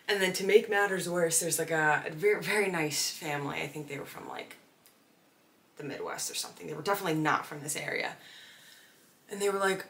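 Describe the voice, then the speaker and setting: A young woman hosting a podcast, telling a story in casual chat, animated and quick to swear, acting out what others said. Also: sits low, gravelly. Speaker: podcast host.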